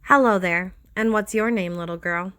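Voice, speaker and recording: A woman voicing a creepy old man in a mall Santa suit, with a smoker's voice and a slow, overly jolly way of talking. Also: mid-range voice, a bit bright, dry recording, clean studio sound, lightly acted. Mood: sly.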